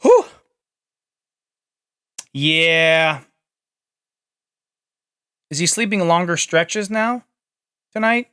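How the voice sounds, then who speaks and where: A man streaming himself playing a game, reacting in an excitable, chatty way. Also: a little high, drawn-out words, long pauses, smooth. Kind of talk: casual gameplay commentary.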